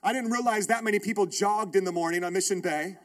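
Preaching fast in a high-sitting voice, a pastor in his thirties tells a personal story as the core of his sermon. He's emphatic and lively, returning to the same phrases again and again.

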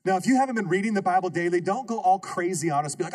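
A man preaching a lively sermon as pastor, calling out questions to his congregation. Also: high voice, rapid-fire, slightly rough. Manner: call-and-response preaching, rhetorical questions to the congregation. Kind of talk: energetic sermon. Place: church sanctuary.

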